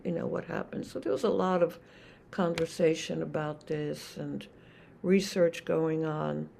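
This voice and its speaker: An older woman, a Zen teacher, giving a reflective dharma talk with many pauses and restarts. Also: low voice, vocal fry, dark tone, a little hiss or hum.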